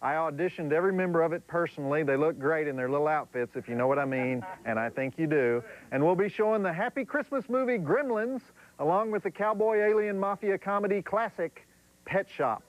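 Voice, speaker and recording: A man's voice: a little high, brisk, lo-fi sound. A middle-aged man hosting a horror movie night, making sardonic, drawling cracks with chuckling asides. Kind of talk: wisecracking TV movie host.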